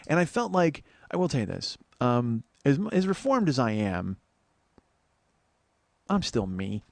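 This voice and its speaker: A man telling a profane, animated story on a comedy podcast, acting out what other people said. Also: medium pitch, a little fast, dry recording. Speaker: comedian host.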